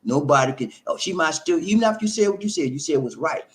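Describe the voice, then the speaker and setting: A man's voice: a little high, lively intonation, fast. A man giving relationship advice in an emphatic, preachy monologue, repeating himself and calling listeners "man".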